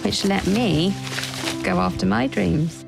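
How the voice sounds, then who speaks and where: Gravelly mum in a film, fond and easy, music under her. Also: medium pitch, slow pace. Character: warm mother reminiscing with her children.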